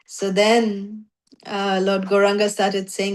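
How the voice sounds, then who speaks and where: A woman with a high voice teaching a scripture story class. She narrates animatedly, slipping into voices and leaning on 'you know'. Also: a little slow. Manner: frequent 'you know' fillers.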